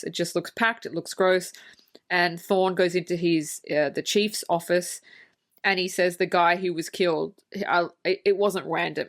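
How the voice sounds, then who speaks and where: A woman co-hosting a podcast, casually retelling film scenes with lively, swearing commentary. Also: fairly low pitch. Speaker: podcast co-host. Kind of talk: casual film-review chat.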